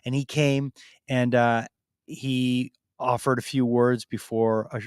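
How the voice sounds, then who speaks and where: A man's voice: medium pitch, flat delivery, slow, clear, resonant tone, no room sound. A man co-hosting a live convention Q&A on stage, chatting in a friendly, rambling way with fillers. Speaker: convention organizer co-host.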